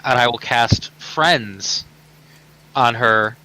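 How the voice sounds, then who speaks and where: A man playing a tabletop game, speaking gently and soothingly to a child character. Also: medium pitch, very slow, low-quality recording. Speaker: player. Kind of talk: tabletop role-play.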